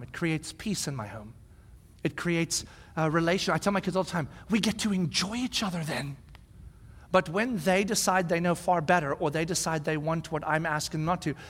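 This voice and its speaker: A man in his forties preaches with a high, bright voice, telling stories with lively energy and acting out what people said. His words ring through a hall with a long reverb trail. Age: 40s. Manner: animated storytelling, acts out shouted quotes. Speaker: pastor. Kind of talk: sermon.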